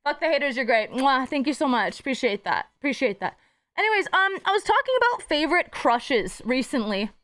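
A woman's voice: high-pitched, big pitch swings, fairly bright tone. A young woman streaming live, chatting casually with her chat, playful and profane. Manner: playful, swearing, quick jumps between topics.

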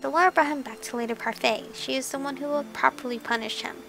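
A woman reading a gentle, soft-spoken young man. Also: high voice, fast talker, creaky, faint music behind. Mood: tender.

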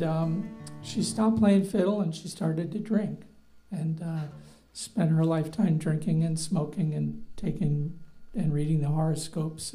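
Wry, dark-voiced man bantering on stage. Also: on the high side, poor audio. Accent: light North Jersey. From northeastern New Jersey. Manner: wry, rambling storyteller with self-deprecating asides. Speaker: doctor and singer-songwriter on stage. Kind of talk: stage banter between songs. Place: live music venue. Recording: guitar faintly behind.

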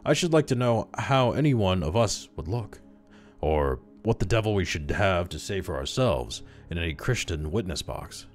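A cynical young doctor in an old horror tale, as a man reading aloud puts him on. His voice sits extremely deep, and his tone is coolly persuasive and worldly. He brushes off every objection. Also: very animated, moderate pace, faint music behind. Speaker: audiobook reader.

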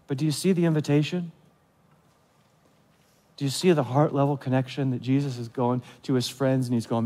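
A man's voice: medium pitch, steady tone, a little fast, pauses often, warm tone, in a large hall. A male pastor preaching a conversational sermon, asking his listeners questions and acting out what they might say. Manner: conversational, asks the audience questions; acts out quoted voices of listeners. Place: church.

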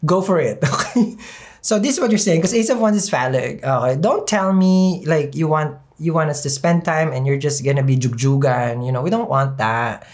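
A woman's voice: low voice, normal speed, a little mellow. A woman reading tarot cards in a sassy, chatty way with a non-native English accent, laughing often. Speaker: tarot reader.

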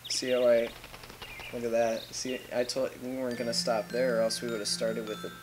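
A man's voice: medium pitch, level tone, normal speed, background noise. A man hosting a let's play, joking in casual chat with a rambling, self-interrupting manner.

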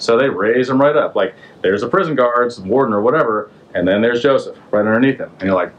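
A man's voice: medium pitch, fast talker, hardly any pauses, poor audio. Offhand, slangy male storyteller. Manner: slangy, offhand retelling with rhetorical questions. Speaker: podcast host. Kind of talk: casual storytelling.

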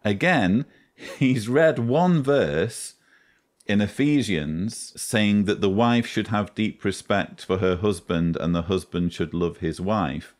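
A man giving slow, sarcastic, critical commentary on a video he is reviewing. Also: fairly low pitch.

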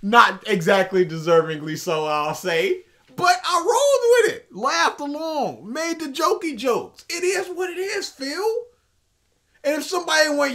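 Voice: high-pitched, big pitch swings, unhurried, fairly bright tone. A co-host in casual commentary chat, mocking the person discussed and slipping into impressions of him.

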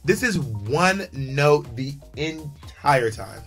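A man co-hosting a casual TV review chat, talking in an animated, sassy and brash way. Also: a little high, extremely slow, vocal fry, faint music behind. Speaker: co-host of a TV review show.

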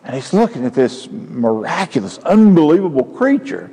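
A male pastor preaching a sermon, building to loud emphatic peaks. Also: fairly high pitch, big pitch swings, moderate pace, breathy edge. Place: church sanctuary. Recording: church hall with long reverb.

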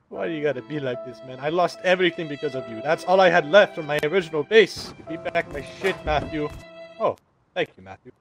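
A man's voice: a little high, fast talker, faint music behind. A man on in-game voice chat, pleading and angry with dramatic, whiny outrage.

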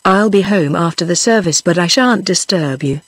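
A synthetic woman's voice reading the lines of a bitter, angry middle-aged working man in an audiobook, in a flat machine delivery. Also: fairly low pitch, normal speed, slightly rough, no echo.

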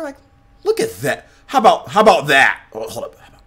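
A man streaming gameplay live, talking to his chat in an animated, repetitive way. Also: medium pitch, fairly quick, husky. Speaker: gaming livestreamer.

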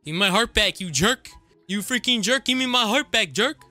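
A woman's voice: a little high, expressive, moderate pace, bright, forceful tone, no echo, soft background music, voice pushed down. A woman voicing a sulky young woman in a Roblox role-play, petulantly calling names. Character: sulky young woman insulting her rival.

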